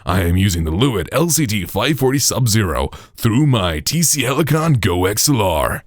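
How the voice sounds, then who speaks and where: A man putting on a brighter, piercing voice of an upbeat male tutorial presenter, with a showy, drawn-out announcer delivery. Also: on the low side, very animated, no room sound, studio quality, voice pushed up.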